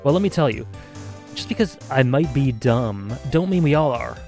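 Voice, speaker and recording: A man voicing a feisty, loud Southern woman photographer with a put-on drawl and folksy, challenging talk. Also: mid-range voice, expressive, fairly quick, soft background music, lightly acted. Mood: defiant.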